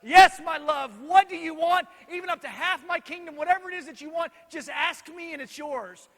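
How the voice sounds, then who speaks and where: A man's voice: extremely high pitch, normal speed, sharp tone, pitched above the performer's own voice, exaggerated voice. A man playing a lovestruck ancient king who gushes and dotes on his queen, in a reverberant hall. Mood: doting. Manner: gushing, doting.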